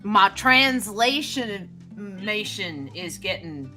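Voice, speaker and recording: A woman chatting casually on a podcast, musing and halting as she searches for words. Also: mid-range voice, expressive, bright, forceful tone, soft background music. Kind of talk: casual chat.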